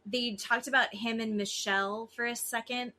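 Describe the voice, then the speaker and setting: Speaking at normal speed in a slightly high voice, this podcast co-host keeps the chat casual and blunt. She swears freely and animatedly imitates the people she talks about in quotes.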